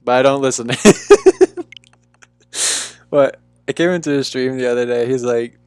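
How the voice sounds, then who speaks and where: Young man, laid-back livestream host, mid-pitched, chatty, faint music underneath. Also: steady tone, fast, darkish tone, smooth, no room sound, clean studio sound. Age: young adult. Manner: laid-back, chatty, calls viewers "dude". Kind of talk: casual live-stream chat. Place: room at home.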